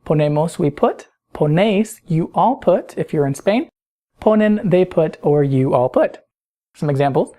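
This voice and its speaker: A woman's voice: sits low, expressive, unhurried, warm tone. A woman teaching a recorded grammar lesson, patient and explanatory, often putting questions to the listener. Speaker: Spanish teacher.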